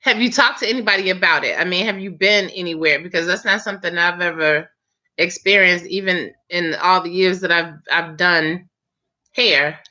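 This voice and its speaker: A lower-pitched woman with a bright, forceful edge to her voice, hosting a relaxed live chat with her viewers. She chats freely and laughs often. The stream audio sounds dull and lo-fi. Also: moderate pace. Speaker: live chat host, hairstylist.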